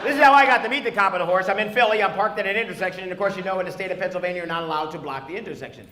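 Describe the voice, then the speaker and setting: A male stand-up comedian teasing the audience, loud, with bursts of shouting. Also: high voice, very fast. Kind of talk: stand-up crowd work. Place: comedy club. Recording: echoey club, crowd and noise behind. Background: audience laughter.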